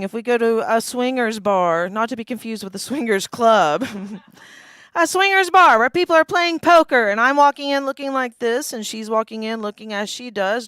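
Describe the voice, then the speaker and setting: A woman's voice: fairly high pitch, fairly bright tone, clean tone, no room sound. A woman in her forties performing a stand-up comedy set, wry and self-deprecating, often laughing at her own jokes. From East Tennessee. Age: 40s. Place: small live comedy venue.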